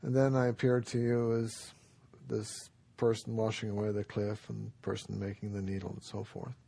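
A man voicing a patient, gentle divine male teacher who calmly explains himself, with a husky, gravelly voice. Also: fairly low pitch, normal speed. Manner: calm, explaining kindly.

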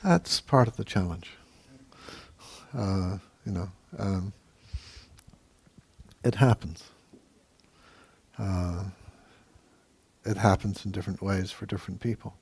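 Low, mellow-voiced meditation teacher. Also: male voice, creaky, husky. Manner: calm, measured, with hesitant fillers. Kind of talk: dharma talk Q&A.

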